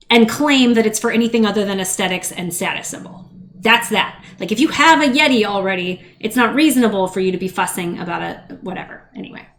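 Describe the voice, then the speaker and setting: A woman's voice: mid-range voice, gravelly, fairly bright tone. A woman chatting casually as a podcast co-host, wry and rambling, with frequent asides. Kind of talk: casual chat.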